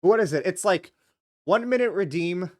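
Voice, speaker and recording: Streamer, casual live-stream chatter with reading aloud; very bouncy pitch, rambling delivery. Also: no echo, studio quality. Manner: animated and rambling, full of "like" and quick laughs.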